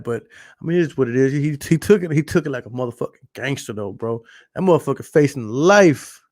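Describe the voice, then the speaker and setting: Profane Texan podcast host, dry close mic. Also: male voice, mid-range voice, expressive, brisk, darkish tone, dry recording. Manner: profane, storytelling, repeats phrases for emphasis. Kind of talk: casual late-night podcast monologue.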